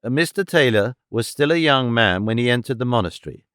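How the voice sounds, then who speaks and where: A man voicing a sharp, brisk detective who lays out his deductions in a crisp, decisive way. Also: medium pitch, lively intonation, no echo, clean studio sound, lightly acted.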